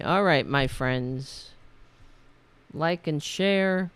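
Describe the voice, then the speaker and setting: Gravelly-voiced woman host, voice giving out. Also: sits low, takes it slowly. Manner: rambling, chatty, trails off and restarts. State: losing her voice. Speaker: podcast host. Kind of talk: casual talk show sign-off.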